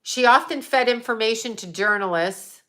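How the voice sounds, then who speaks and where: A woman's voice: fairly high pitch, normal speed, sharp tone. A woman hosting a show, ranting bluntly and profanely in an agitated, casual way. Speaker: host.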